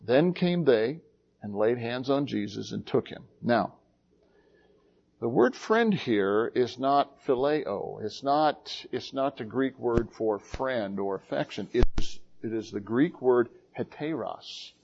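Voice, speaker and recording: A man preaching a sermon in a deliberate way, dropping to a hush and then rising with emphasis. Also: mid-range voice, expressive, vocal fry, dull audio. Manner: slow, deliberate preaching that swings from hushed to emphatic. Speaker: pastor.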